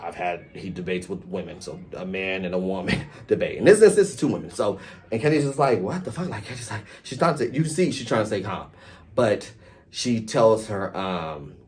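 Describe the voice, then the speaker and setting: A man casually recapping a reality TV episode, chatty and animated, acting out quotes and swearing freely. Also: sits low, moderate pace.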